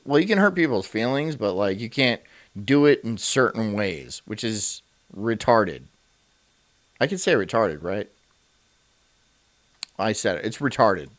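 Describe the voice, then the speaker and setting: A man's voice: medium pitch, fairly bright tone. A man streaming, ranting and reacting to clips in a brash, profane way and laughing often. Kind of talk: casual livestream rant.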